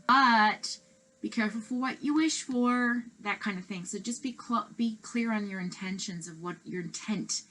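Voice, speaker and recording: A woman's voice: mid-range voice, low-quality recording. A woman reading tarot cards in a casual, chatty and reassuring way, with many fillers and restarts. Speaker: tarot reader.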